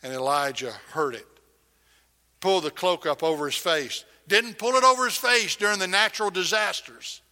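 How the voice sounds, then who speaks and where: A middle-aged man preaching a sermon, swinging from loud emphasis to hushed near-whispers. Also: high voice, moderate pace, in a large hall. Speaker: pastor.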